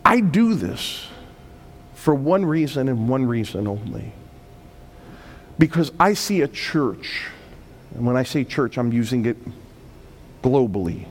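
A man preaching a sermon as pastor, swelling from quiet, emphatic points into loud, urgent appeals. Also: mid-range voice, very animated, slight background noise. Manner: preaching with sudden swells of volume and emphatic slowdowns.

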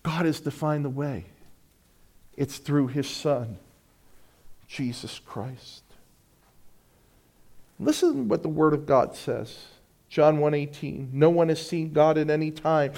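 A middle-aged male pastor preaching a sermon, swinging between loud, slow declarations and hushed, drawn-out lines. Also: fairly high pitch, animated.

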